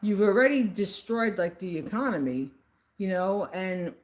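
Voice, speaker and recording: Woman ranting at home on camera, scolding, keeps repeating herself, normal pitch. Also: animated, measured pace. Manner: emphatic, repeats phrases, scolding. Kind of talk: casual political rant to camera.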